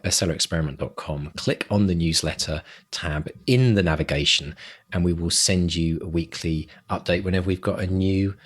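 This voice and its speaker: A middle-aged man co-hosting a podcast about writing, casual and enthusiastic, working himself up into excited pep talks. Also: sits low. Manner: enthusiastic, gets louder and louder. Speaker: podcast co-host.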